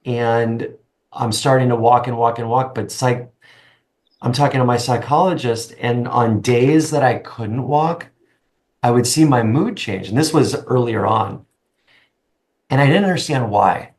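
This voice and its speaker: Earnest halting man, interview guest. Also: mid-range voice, darkish tone. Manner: earnest, halting, frequent restarts. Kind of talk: conversational interview.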